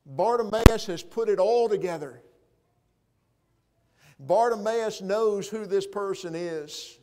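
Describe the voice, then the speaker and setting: A man preaching a sermon in a church, moving between loud proclaiming and quiet, hushed appeals. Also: high voice, slow, background noise. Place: church sanctuary.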